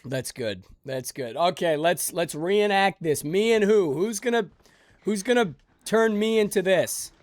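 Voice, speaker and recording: A man's voice: sits high, a little slow, no room sound, clean studio sound. A man streaming a game live, joking and rambling sleepily with his chat.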